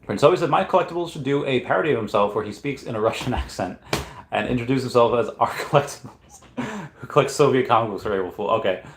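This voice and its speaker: A man's voice: medium pitch, quick pace, a little hiss or hum. A man hosting a casual livestream, reading out chat questions and answering them in a loose, rambling way, often correcting himself as he thinks aloud. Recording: roomy echo.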